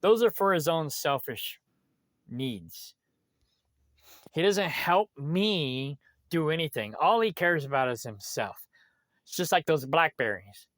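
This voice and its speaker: A man's voice: on the high side, lively intonation, takes it slowly, long pauses, fairly bright tone, no echo, studio quality. A man ranting bitterly in a vlog, complaining about someone with lots of swearing. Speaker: vlogger. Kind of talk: angry vlog rant.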